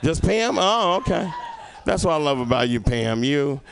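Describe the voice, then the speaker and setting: A man's voice: a little high, sing-song, normal speed, vocal fry, slight background noise. A male stand-up comedian doing a rambling, profane set and teasing the audience. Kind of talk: stand-up set with crowd work.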